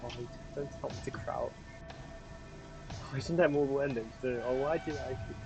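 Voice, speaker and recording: A man's voice: mid-range voice, fairly even intonation, fairly quick, gravelly, highs cut off, over music. A man giving jumpy, swearing commentary while playing a horror game, talking to himself nervously. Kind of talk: let's play commentary.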